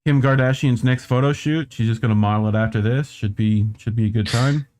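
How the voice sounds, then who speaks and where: A podcast host reacts to funny videos on his casual chat show, swearing constantly, laughing often and speaking in a slow drawl. His mid-range voice is a little mellow, with slight background noise.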